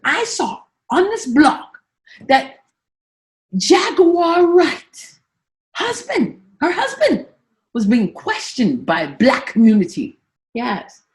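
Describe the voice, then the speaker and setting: A high-voiced, scatterbrained woman politician, put on by a woman comedian rambles through a satirical spoof monologue. Her voice swoops up and down, and she repeats herself with deadpan asides. She drops to hushed mutters, then breaks into sudden loud outbursts. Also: takes it slowly, heavily acted. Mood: rambling.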